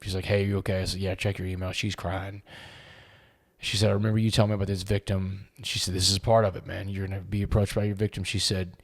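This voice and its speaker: Earnest low-voiced man telling his story. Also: little pitch movement. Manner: earnest, halting, repeats words when moved. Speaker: podcast guest. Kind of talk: emotional storytelling.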